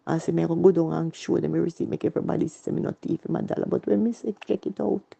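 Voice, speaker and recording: A woman's voice: deep voice, steady tone, very fast, vocal fry, dark tone, slightly rough. A woman with a Jamaican accent telling her personal story in earnest, repetitive Patois. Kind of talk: emotional personal testimony.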